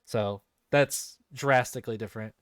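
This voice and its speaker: Smooth-voiced man hosting a casual gaming podcast. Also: medium pitch, moderate pace, dry recording, clean studio sound. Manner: rambling, heavy use of fillers and swearing. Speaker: podcast host.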